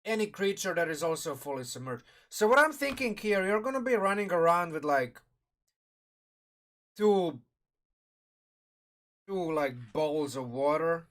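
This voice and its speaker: A man with a slightly high voice talks through a game rulebook on a live stream, thinking aloud as he goes. He rambles and restarts his sentences, and he is eating while he talks, so his words come out through a mouthful of food. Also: expressive, unhurried, long pauses, a bit bright. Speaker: streamer reviewing a game sourcebook. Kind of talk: casual live-stream commentary.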